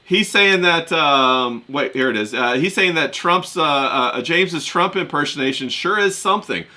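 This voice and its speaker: A man's voice: on the high side, moderate pace. A man co-hosting a casual podcast stream, chatting loosely and reading out viewer comments. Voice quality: relaxed, frequent "yeah" and "uh" fillers. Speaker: podcast co-host. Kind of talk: casual chat, reading live chat.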